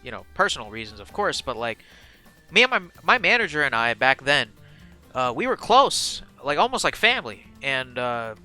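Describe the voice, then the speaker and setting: A young man streaming to a live chat, telling a casual, slangy and profane story, animated and excitable, swinging from mumbled asides to loud bursts. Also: medium pitch, normal speed, faint music behind. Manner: slangy and profane, full of fillers.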